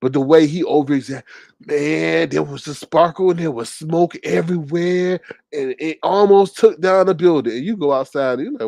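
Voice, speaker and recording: A man hosting a casual livestream and reading chat comments, speaking with an animated, gossipy manner full of exclamations. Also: fairly high pitch, moderate pace, vocal fry, no room sound.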